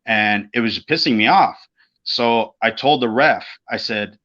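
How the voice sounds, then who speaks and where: A middle-aged man co-hosting a casual podcast, telling an old road story in a profane, animated way and acting out the voices of the people in it. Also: mid-range voice, unhurried. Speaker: podcast co-host, former pro wrestler. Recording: dull lo-fi podcast audio.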